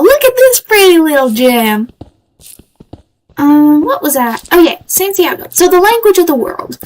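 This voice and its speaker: High-voiced woman in a put-on country drawl. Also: a little hiss or hum, low-quality recording. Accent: put-on Southern US country accent. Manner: rambling, chatty, easily sidetracked. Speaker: streamer. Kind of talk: live gameplay chat. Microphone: desk microphone.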